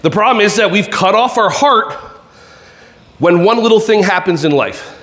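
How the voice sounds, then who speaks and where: Speaking at a moderate pace in a high, expressive, fairly bright voice, a man delivers a lively, joking motivational keynote from the stage of a conference hall. He entertains the live audience with silly laser sound effects.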